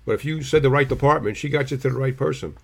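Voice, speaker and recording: A man's voice: mid-range voice, quick pace, gravelly, a little mellow. Middle-aged man, blunt storyteller, casual co-host. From New Jersey. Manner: blunt, storytelling, swears freely. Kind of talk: casual chat.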